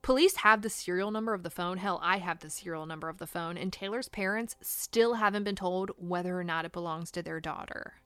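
A woman's voice: lowish voice, a little fast, hardly any pauses, fairly bright tone, clear, resonant tone, no echo. A woman hosting a true crime podcast, reading a scripted account in a blunt, indignant way and swearing for emphasis.

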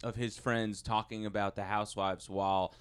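A man's voice: lowish voice, little pitch movement, normal speed, clean tone. A man co-hosting a podcast in casual, joking chat. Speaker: podcast co-host.

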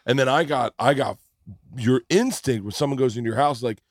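A man's voice: medium pitch, brisk, dry recording, clean studio sound. A man hosting a podcast, telling a story in casual chat, often restarting his sentences. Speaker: podcast host.

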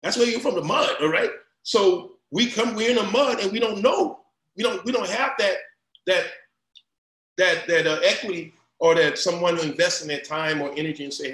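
Animated Louisiana man in a roomy room. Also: high-pitched, fairly quick. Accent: Louisiana Southern. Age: middle-aged. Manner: animated storytelling with restarts and acted quotes. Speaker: guest, recruiting company founder. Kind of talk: casual podcast interview. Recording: roomy echo.

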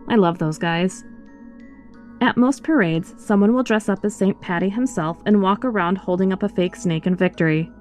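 Woman, horror story narration, scripted, expressive, middle pitch, faint background music. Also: moderate pace. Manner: expressive first-person storytelling.

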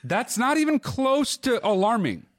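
A man's voice: very high voice, very animated, unhurried, no echo. Teasing man on a dry podcast mic. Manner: teasing, skeptical, laughs often. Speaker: podcast co-host, brother. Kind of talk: casual chat between brothers.

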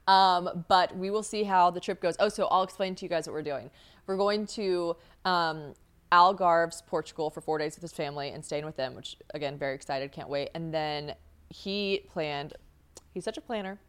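A woman's voice: on the low side, fairly quick. A young woman from the United States hosting a podcast, talking casually, swearing and laughing as she acts out what people said. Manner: chatty, swearing, laughs often, acts out quoted voices. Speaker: podcast host. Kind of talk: casual chat.

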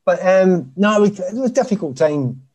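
A man's voice: sits high, very animated, a little fast, a little mellow. A man from Glasgow with a Glaswegian accent, a former footballer telling stories as a chatty, self-deprecating podcast guest. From Easterhouse, Glasgow, Scotland. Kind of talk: casual podcast interview.

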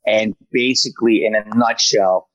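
Male comic guest, lively storyteller, dry close sound. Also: fairly low pitch, normal speed, no echo, highs cut off. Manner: animated storyteller, slips into character voices. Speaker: guest comedian. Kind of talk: casual podcast chat.

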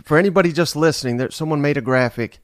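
A man's voice: on the high side, fast talker, no echo, studio quality. A man hosting a podcast in casual chat, telling stories and teasing his guest. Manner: teasing, relaxed storyteller. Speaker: podcast host.

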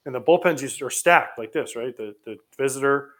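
A man, a former ballplayer co-hosting a podcast, telling a story in an animated, excitable way. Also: mid-range voice, fairly quick. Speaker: former pro baseball player, co-host.

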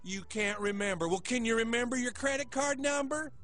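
A man playing a slick male TV shopping-channel salesman giving an exaggerated hard-sell pitch. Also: a little fast, fairly bright tone, soft background music.

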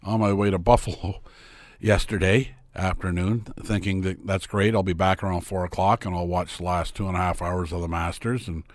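A man's voice: deep voice, little pitch movement, normal speed, no echo. A man co-hosting a radio sports talk show, joking wryly and telling stories in casual chat. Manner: wry, joking, storytelling asides.

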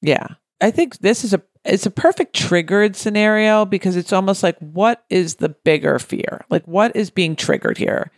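A woman co-host chats in a relaxed, searching way, asking herself questions as she thinks. Her voice carries a gravelly fry. The sound is dry and close to the mic. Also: medium pitch, normal speed, few pauses, no room sound. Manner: thoughtful, asks herself questions. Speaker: podcast co-host. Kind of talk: casual chat.

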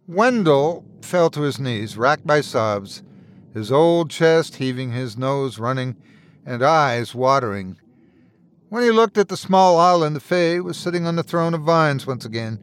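A man's voice: fairly high pitch, expressive, measured pace, clean tone. Man narrating a somber horror tale. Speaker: storyteller, podcast host.

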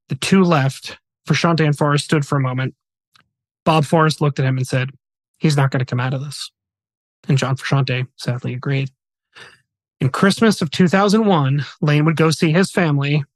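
A man's voice: a little high, moderate pace, no echo. A male podcast host earnestly retelling a somber true story, voicing quoted dialogue as he goes.

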